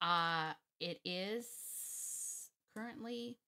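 A woman dog trainer explaining her methods in a casual, emphatic way, thinking out loud and laughing often. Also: lowish voice, extremely slow. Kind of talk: casual talk to camera, teaching.

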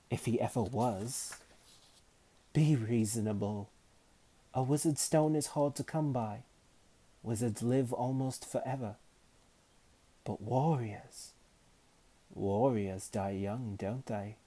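A man reading aloud and voicing an imperious, scheming woman wizard who speaks with haughty calm. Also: mid-range voice, unhurried, voice pushed up. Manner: haughty and calmly menacing.

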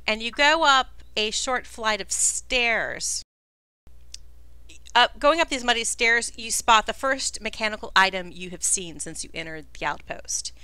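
A woman's voice: fairly high pitch, measured pace, bright, forceful tone, clean tone, no room sound. A woman narrating as game master of a tabletop game, describing scenes in a chatty way.

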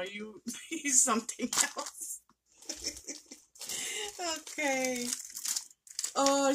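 A woman's voice: fairly high pitch, noisy background. Gushing woman unboxing happy mail. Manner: gushing, excitable, talks to friend directly. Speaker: craft vlogger. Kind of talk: casual unboxing chat.

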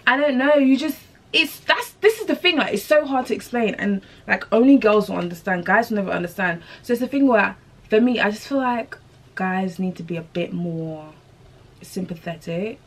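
A young woman chats straight to her viewers while she works on a wig. Her talk is casual and slangy, her pitch sits in the middle, and she bounces between asides and stories. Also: normal speed. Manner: chatty, animated, slangy, talks to viewers as sis. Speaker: beauty vlogger.

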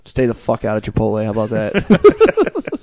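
A man's voice: on the low side, wildly swooping pitch, moderate pace, no echo. A young man from Pennsylvania co-hosting a podcast, trading crude jokes and mocking accents. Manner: joking, profane, mocks accents. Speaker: podcast co-host. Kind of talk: crude casual banter. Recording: dull lo-fi sound, dry.

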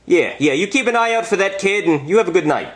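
Man playing a goofy police officer, chatty, bemused, high-pitched, lively. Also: fast talker. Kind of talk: comedy puppet skit acting.

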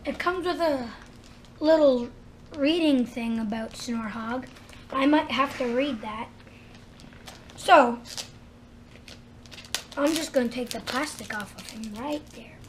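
A woman hosting a casual toy unboxing, chatty and excited as she narrates each step aloud. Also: high-pitched, slow, long pauses, a little hiss or hum. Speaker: unboxing channel host.

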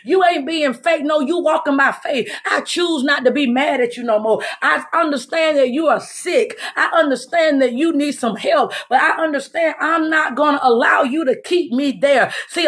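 A woman preaching a deliverance sermon in a fervent, repetitive cadence that rises to shouts. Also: sits high. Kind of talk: sermon on a live stream.

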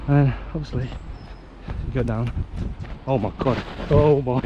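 A young man with a British accent, chatting excitedly as he vlogs at outdoor dirt jumps. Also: fairly high pitch, quick pace, pauses often, lo-fi sound. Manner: excitable, chatty, exclaiming often. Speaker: vlogger. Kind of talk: casual vlog chat. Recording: outdoor noise, nearby traffic.

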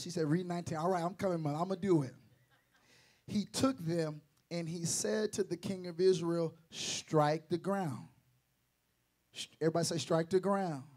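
A preacher with a high, light voice, delivering a Sunday sermon. He drops into low, quiet asides, then climbs into loud, shouted runs of repeated phrases. He jokes with the congregation as he goes. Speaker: pastor.

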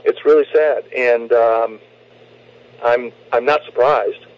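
A man's voice: medium pitch, steady tone, takes it slowly, no echo. A man talking politics on a radio show, emphatic and often repeating words as he restarts. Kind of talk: political talk radio discussion. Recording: muffled lo-fi radio recording.

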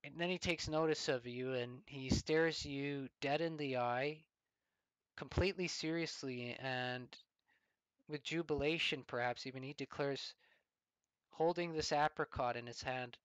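A man giving a storytelling commentary, deliberate and fond of rhetorical questions. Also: mid-range voice, clear, resonant tone, no echo, poor audio.

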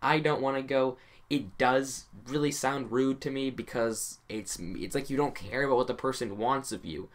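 A man's voice: mid-range voice, moderate pace. A man talking casually over his gameplay as a YouTuber, rambling and hesitant with many restarts and self-conscious asides. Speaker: gaming YouTuber.

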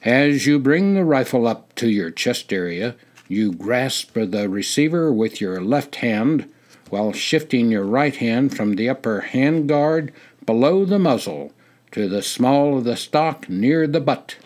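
A man's voice: mid-range voice, expressive, unhurried, close to an everyday voice. Stern drill sergeant, as an older man puts him on. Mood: commanding. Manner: firm, instructive, louder than narration.

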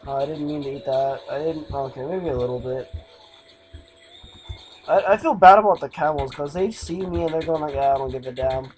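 A gamer giving casual let's play commentary, excitable and swearing freely, with a voice softened from shouting the day before. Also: medium pitch, a little fast, low-quality recording. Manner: excitable, swears freely, makes monster noises.

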